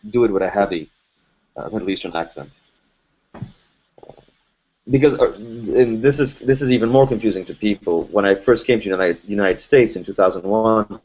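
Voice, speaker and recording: A man's voice: lowish voice, a little mellow, lo-fi sound. A man from Lebanon, a French native speaker, explaining things conversationally as a voice actor guest in a podcast interview, with many restarts.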